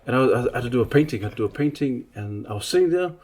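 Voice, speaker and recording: Fast-talking husky Samoan-born preacher. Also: male voice, mid-range voice. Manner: animated, acts out quotes, many restarts. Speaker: preacher and artist. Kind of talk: casual podcast chat, storytelling.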